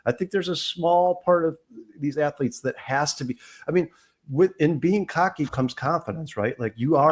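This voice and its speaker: A man co-hosting a casual sports talk podcast, giving emphatic opinions in a rapid run. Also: a little high, slightly rough.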